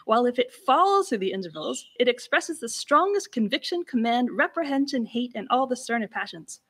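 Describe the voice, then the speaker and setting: A woman's voice: fairly high pitch, very animated, brisk, husky. A woman giving an academic lecture-recital, talking casually with restarts and breaking into sliding, exaggerated inflections to demonstrate old speech styles. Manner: demonstrates speech inflections with sung-like slides and exclamations; conversational, with restarts. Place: lecture room.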